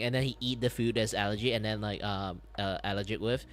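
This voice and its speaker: A man streaming while he draws, talking in a rambling, animated way, swearing, laughing and breaking into loud outbursts. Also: lowish voice, fast talker. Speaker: streamer and artist. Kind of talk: casual live-stream chat while drawing.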